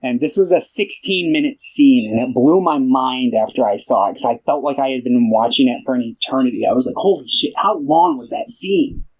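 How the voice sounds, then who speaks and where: A young man chats through a film's plot on a casual podcast. He rambles and stops to act out each character's lines. His pitch sits at an ordinary middle level. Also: brisk, hardly any pauses, darkish tone, poor audio. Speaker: podcast co-host. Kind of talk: casual film podcast chat.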